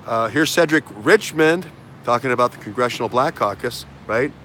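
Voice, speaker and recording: A man's voice: medium pitch, expressive, moderate pace, fairly bright tone, slight background noise. A man hosting a casual political talk show, rambling with many fillers, restarts and repetitions. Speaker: host.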